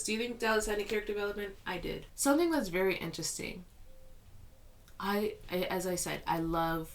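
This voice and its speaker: Young woman rambling about a movie, kinda low voice, super animated. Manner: chatty, animated, full of "like" and "you know what I mean". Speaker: film reviewer. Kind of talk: casual vlog review.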